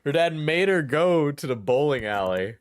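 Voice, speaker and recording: A man's voice: a little high, very animated, moderate pace, smooth, no echo. A young man streaming clip reactions in casual chat, rambling and laughing often as he trails off mid-sentence.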